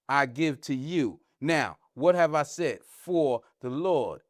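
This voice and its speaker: A man teaching in a religious discussion, often stopping to ask "huh?" to check that his listeners follow, and pushing up his pitch and force to stress a point. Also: lively intonation, takes it slowly, hardly any pauses, no room sound, studio quality.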